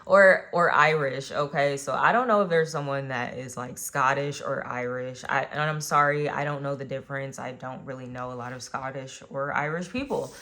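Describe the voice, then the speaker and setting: Woman, young adult, low pitch, casual tarot reading, chatty, talks straight to viewers. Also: normal speed, hardly any pauses, bright, forceful tone. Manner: chatty, addresses viewers directly with many fillers. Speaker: tarot reader.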